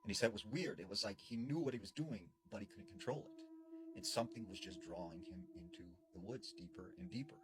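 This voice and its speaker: A man's voice: medium pitch, huge pitch swings, fast talker. A man casually retelling a scary story he heard from someone else, repeating "and he said" and "you know" as he goes. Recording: noisy background.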